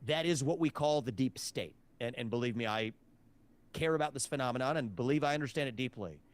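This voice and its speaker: A man speaking as a political candidate, giving measured, assertive interview answers in a clip. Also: mid-range voice.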